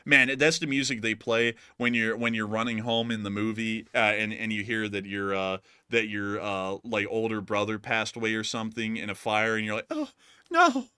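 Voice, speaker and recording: A man's voice: on the low side, level tone, normal speed, few pauses, pushed and bright, clean tone, no echo, studio quality. A man hosting a casual war news show, rambling and joking with many fillers. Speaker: host.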